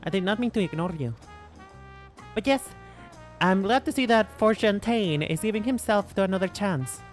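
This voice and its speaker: A man's voice: high-pitched, animated, normal speed, soft background music. A man chatting casually to his viewers while livestreaming a game, playful and teasing, often repeating and restarting his words. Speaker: VTuber streamer.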